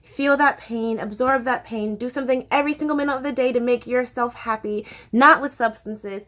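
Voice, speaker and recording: A woman's voice: fairly high pitch, fairly quick, a bit bright. A young woman chatting casually to camera as a vlogger, bubbly and chatty, swearing freely.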